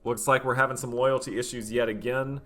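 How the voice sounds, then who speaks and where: Speaking fairly quickly in a steady, medium-pitched, fairly bright voice, a man plays a strategy game in role. His commentary muses and brags playfully, full of hesitant fillers, over faint background music.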